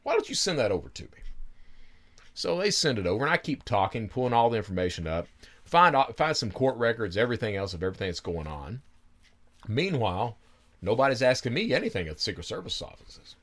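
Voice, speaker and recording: A man hosting a podcast, telling his own story in an animated, profane, chuckling way. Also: mid-range voice, quick pace. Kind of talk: casual storytelling.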